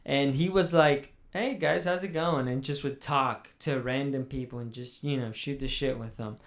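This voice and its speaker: A man's voice: mid-range voice, fairly even intonation, normal speed. A young man hosting a casual chat, rambling and swearing in mock mourning. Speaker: podcast host.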